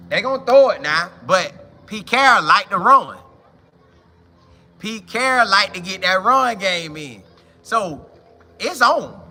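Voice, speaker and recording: A high-pitched man hosts a casual sports talk show, speaking directly to viewers. He's excited and slangy, and he repeats his lines for emphasis.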